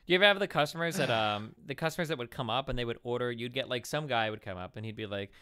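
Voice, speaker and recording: Man, profane animated storytelling, mid-pitched voice, dry close mic. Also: very fast, hardly any pauses, smooth, no echo. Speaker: podcast host. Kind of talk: casual chat.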